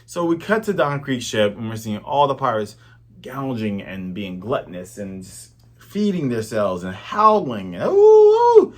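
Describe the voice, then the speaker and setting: A man casually recapping a manga chapter, retelling it with lively energy and acting out the characters. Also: lowish voice, moderate pace. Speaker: manga reviewer.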